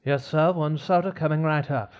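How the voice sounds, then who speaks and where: A man's voice: a little high, moderate pace, clean tone, highs cut off, close to an everyday voice. A man playing a courteous aging flight attendant in a fancy put-on voice during an improv scene. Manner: gentle and courteous. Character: aging male flight attendant, kind, proper.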